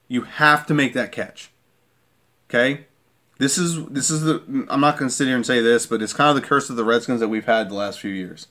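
A man's voice: mid-range voice, a bit bright. A man giving a heated sports-fan rant, repeating his points and asking "okay?" again and again. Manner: irate, repeats himself, keeps asking "okay?".

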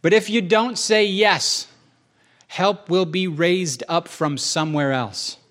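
A middle-aged man talks through a reflective topic in a relaxed, conversational way. His voice sits a little high for a man. He grows animated when he tells a story and drops into short acted asides. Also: slow. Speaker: podcast host. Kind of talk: casual reflective chat.

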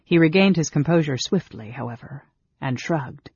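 Husky guy reading a fantasy audiobook, steady pace, dull lo-fi sound. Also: fairly high pitch, moderate pace, no room sound. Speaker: audiobook narrator. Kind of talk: scripted narration.

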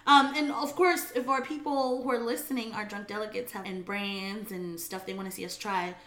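A woman's voice: medium pitch, steady tone, moderate pace, echoey room, a loud crowd. A woman co-hosting a casual podcast, telling stories with enthusiasm. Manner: enthusiastic, storytelling. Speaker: podcast co-host. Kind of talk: casual drinking chat.

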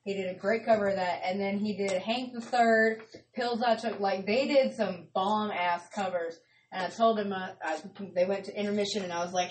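A woman hosting a casual live radio chat, an excitable storyteller who squeals when thrilled. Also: mid-range voice, moderate pace, distant mic, slight background noise. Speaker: radio show host. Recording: roomy sound from off-mic.

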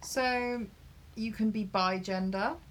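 A woman's voice: fairly high pitch, fairly even intonation, slow pace. Chatty, laughing female podcast co-host. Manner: chatty, laughs easily, reads from a list. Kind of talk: casual podcast chat.

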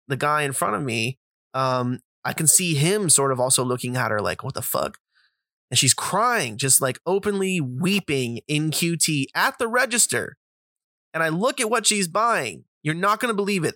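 A man tells a rambling, profane story in a casual podcast monologue, full of fillers and asides. His voice sits a bit high and comes across bright and forceful. The sound is dry and close. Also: no echo. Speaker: podcast host.

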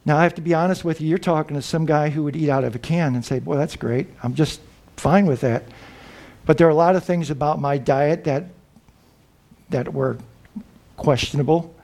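A man preaching a sermon, earnest and reflective, pausing and restarting as he explains. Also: a little high, fairly even intonation, darkish tone.

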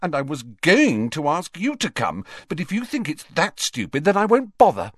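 A man voicing a bossy, clever teenage schoolgirl in an audiobook, brisk and insistent. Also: medium pitch, big pitch swings, no room sound, clean studio sound, voice pushed up, natural voice. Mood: indignant. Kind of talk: audiobook character voice.

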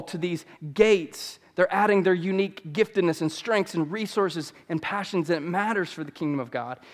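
A man's voice: high voice, in a large hall. A pastor in his thirties preaching a sermon in a church, earnest and fond of repeating key phrases for emphasis. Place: church sanctuary.

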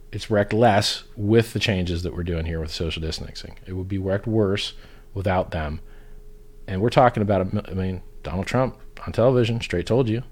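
A man with a low-pitched voice holds forth in a blunt, heated rant, swearing at every turn. It sounds like a loose, unscripted talk show, with him doing most of the talking. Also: darkish tone. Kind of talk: casual profane rant.

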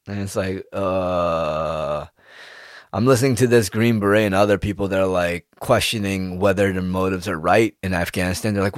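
A man's voice: low-pitched, moderate pace, dry recording, studio quality. A man ranting in a casual monologue, swearing freely and firing off rhetorical questions. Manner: animated, profane, rhetorical questions.

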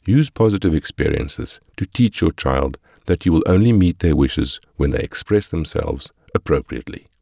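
Super deep voiced guy reading a parenting book, slow careful short phrases, dry close sound. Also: lively intonation, vocal fry, dark tone, slightly rough, dry recording. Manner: measured, instructive, reads in short phrases. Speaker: audiobook narrator. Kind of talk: scripted narration of a parenting guide.

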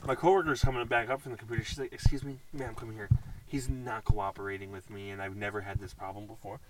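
A man's voice: on the low side, steady tone, fast talker, distant mic, background noise. Twenty-something man telling a rambling story. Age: 20s. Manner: rambling anecdotes with quoted dialogue. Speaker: podcast co-host. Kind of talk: casual chat, storytelling.

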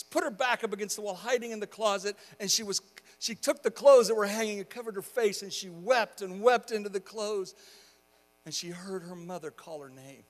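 A male pastor preaching a sermon, telling a story quietly and then rising into loud, impassioned exhortation. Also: sits high. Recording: long hall reverb.

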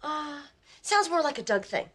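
A woman's voice: high-pitched, sing-song, moderate pace, fairly bright tone. A woman playing a wife who talks in a dry, sarcastic way. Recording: noisy TV sitcom audio.

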